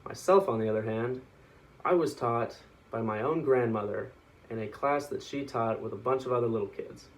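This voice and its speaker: A young man delivers a class speech in a relaxed, joking way, with the odd small restart. His voice sits at an ordinary middle pitch for a man. It is picked up from a little way back from the mic. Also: normal speed, recorded from a distance, rough recording. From Texas. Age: young adult. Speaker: student giving a class speech.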